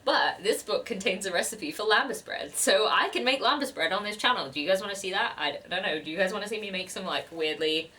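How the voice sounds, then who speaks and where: A woman's voice: medium pitch, fairly quick, hardly any pauses, pushed and bright. A young woman chatting casually as a book vlogger, giggly and gushing about her gifts. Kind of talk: casual chat.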